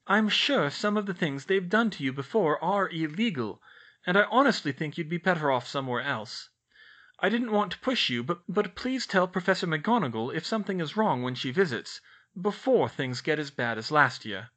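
A man's voice: fairly high pitch, sing-song, normal speed, fairly bright tone, voice pushed up. A man reading out a letter in the voice of an earnest, caring schoolgirl. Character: bright, earnest schoolgirl witch.

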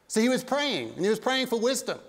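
A high-pitched man preaching a sermon with earnest, conversational energy and casual asides. His voice rings out in a church hall with a long, lingering reverb. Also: big pitch swings, brisk. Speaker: pastor. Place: church sanctuary.

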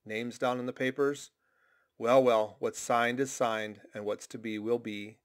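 A man's voice: medium pitch, fairly even intonation, measured pace, lightly acted. A man doing a raving old sailor prophet. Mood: ominous, insistent. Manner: cryptic, insistent, ominous warnings. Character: shabby, intense old male sailor prophet.

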